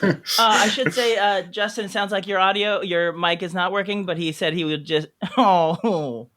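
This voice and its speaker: A man hosting a podcast reunion over a call, his voice high and bright. He chats loosely, laughing often and stringing thoughts with "like". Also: steady tone, normal speed. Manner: laughs often, many "like" fillers. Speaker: podcast host. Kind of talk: casual chat.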